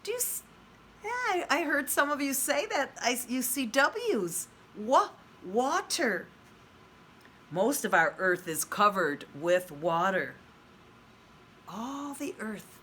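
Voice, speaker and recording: A woman teaching preschoolers online, her voice swooping high and low in a lively, exaggerated sing-song. She talks slowly and carefully, asking the children questions as she reads aloud, with a faint hum of noise behind her. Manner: asks the children questions and praises answers. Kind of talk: virtual read-aloud lesson for young children.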